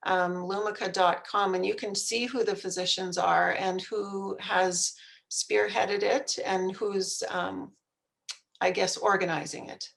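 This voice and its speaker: Gravelly-voiced woman answering questions. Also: medium pitch, steady tone, unhurried, a bit bright, rough recording. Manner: explanatory, hesitant with fillers. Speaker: health care speaker.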